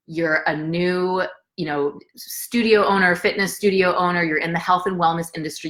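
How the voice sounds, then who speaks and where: A coach leads a live motivational session in a fairly low, slightly bright voice, sharing a personal story. She speaks earnestly, circles back to repeat key phrases for emphasis, and greets viewers by name along the way.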